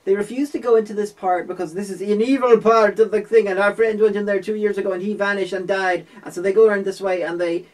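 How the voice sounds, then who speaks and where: A man's voice: high voice, fairly even intonation, fast, hardly any pauses, rough recording. A man co-hosting a casual film review chat, sarcastic and swearing casually as he picks holes in the plot.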